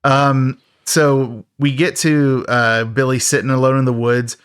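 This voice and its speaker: A man's voice: mid-range voice, flat delivery, measured pace, a bit bright, clean tone. A man with a middle-range voice recaps a cheesy horror film in a loose podcast chat. He jokes, chuckles, and pokes fun at the props. The sound is dry and close, with no room echo. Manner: jokey, laughing often. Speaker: podcast co-host. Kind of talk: casual movie recap chat.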